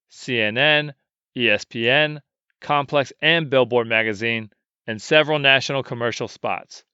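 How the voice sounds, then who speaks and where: Clear-voiced podcast host, dry sound. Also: male voice, medium pitch, bright, forceful tone, no room sound, lo-fi sound. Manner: friendly, lots of fillers and restarts. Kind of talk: casual interview.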